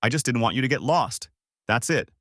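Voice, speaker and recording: A man voicing an easily annoyed, bossy teenage girl adventurer in a fan-made story, with exasperated, shrill lines. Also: fairly quick, fairly bright tone, no room sound, clean studio sound, natural voice.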